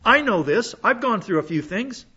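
High, bright-voiced preacher, dull lo-fi recording. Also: male voice, sing-song, moderate pace, a little hiss or hum. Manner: conversational, folksy preaching with asides. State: sick, coughing. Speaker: pastor. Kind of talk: sermon. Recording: dull lo-fi sound.

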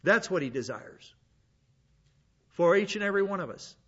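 A man's voice: high-pitched, lively intonation, normal speed, a bit bright, slightly rough, lo-fi sound. A man preaching as a pastor teacher, blunt and conversational, often restarting his sentences. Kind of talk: sermon.

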